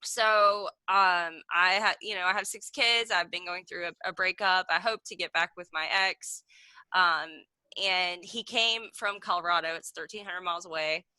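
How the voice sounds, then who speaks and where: A woman in her thirties, a participant in a casual video call, wanders through a story packed with "like" fillers. Her lowish voice is steady, bright, forceful, clear and resonant, moving at normal speed, captured by a video call mic with no echo.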